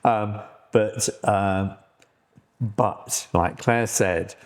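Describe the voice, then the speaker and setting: A man's voice: fairly low pitch, fairly even intonation, drawn-out words. A middle-aged British man co-hosting a podcast, talking casually with lots of fillers and restarts. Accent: British English. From Britain. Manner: rambling, many fillers and restarts. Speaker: podcast co-host. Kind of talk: casual chat.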